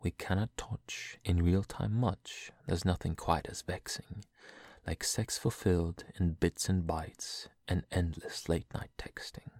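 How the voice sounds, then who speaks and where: Young man, whispered poetry reading, husky hushed voice, unhurried pace. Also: low voice, steady tone, dry recording. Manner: soft breathy whisper, slow and drawn out. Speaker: poetry reader.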